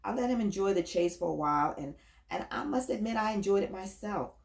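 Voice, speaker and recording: A woman narrating a first-person audiobook story with an even, storytelling delivery. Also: medium pitch, brisk. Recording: roomy echo.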